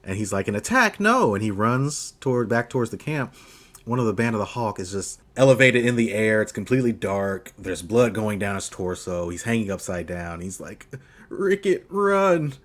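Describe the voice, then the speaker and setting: A man with a fairly low voice cohosts a laid-back podcast. He tells the story with big energy, jumping into goofy voices for the characters and cursing and laughing as he goes. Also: brisk. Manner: animated storyteller, acts out quotes in funny voices, swears and laughs. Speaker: podcast co-host. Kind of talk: casual chat recapping an anime.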